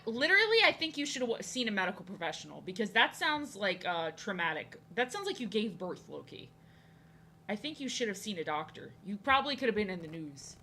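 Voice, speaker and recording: A woman's voice: on the high side, bright, forceful tone. A young woman streaming her drawing, chatting casually in a rambling, playful way, greeting viewers and often stumbling and restarting her words. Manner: frequent stammered restarts. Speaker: art streamer. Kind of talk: casual live-stream chat while drawing.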